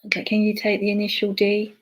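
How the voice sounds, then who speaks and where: Halting woman giving spirit messages. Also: mid-range voice, monotone, low-quality recording. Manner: halting and hesitant, with many fillers and restarts; murmurs softly to herself between messages. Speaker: spiritualist medium. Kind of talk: live online clairvoyance demonstration.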